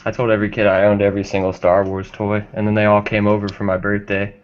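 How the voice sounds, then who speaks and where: A man chatting briskly in a casual group call. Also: lowish voice, monotone. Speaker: call participant. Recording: lo-fi call audio with loud background noise.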